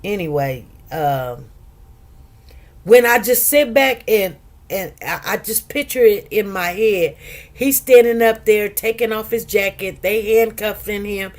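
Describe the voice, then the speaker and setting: A woman, hosting casual commentary and telling stories with animated, acted-out quotes. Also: mid-range voice, unhurried. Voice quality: lively, animated storytelling, acts out quotes. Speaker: commentary host.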